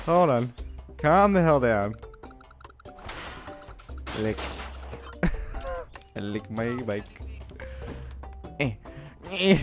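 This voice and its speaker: A man talks over a game at an unhurried pace, laughing a lot. His pitch swings widely, and he breaks into high yelps and squeals when something surprises him. He is recorded on a desk mic at home, with faint music underneath. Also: expressive. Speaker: gaming commentator. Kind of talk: casual let's-play commentary. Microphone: desk USB microphone.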